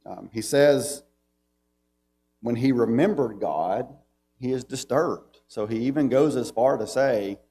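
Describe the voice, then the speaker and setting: A man's voice: mid-range voice, takes it slowly, dark tone, slight background noise. A man with a Southern American accent teaching a Bible class in a church, talking in a conversational way and reading scripture aloud with emphasis.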